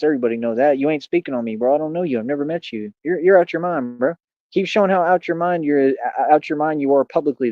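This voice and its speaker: A man's voice: on the high side, warm tone, dry recording. A man hosting a livestream, ranting and taunting his chat, often calling people "bro". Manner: combative, taunting, repeats "bro". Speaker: livestream host. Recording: dull lo-fi stream audio.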